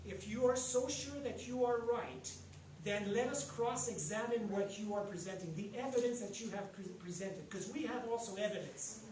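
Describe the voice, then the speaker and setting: A man's voice: high voice, normal speed, a little mellow. A man hosting a political event, introducing the guest with earnest, repetitive emphasis. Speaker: event host introducing the speaker. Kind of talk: rally introduction. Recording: echoey hall, distant mic, faint noise.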